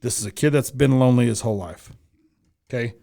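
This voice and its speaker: A man's voice: medium pitch, fast, creaky. A man co-hosting a casual faith podcast, talking frankly and acting out little quoted exchanges with laughter. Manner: animated, acts out quotes with laughter. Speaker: podcast co-host.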